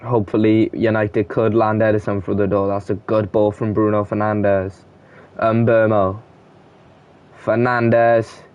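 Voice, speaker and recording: This young gamer's voice is lowish, smooth and level, a touch slow, heard through dull audio. He narrates a football video game casually, reading player names in quick bursts and shouting at goals and chances.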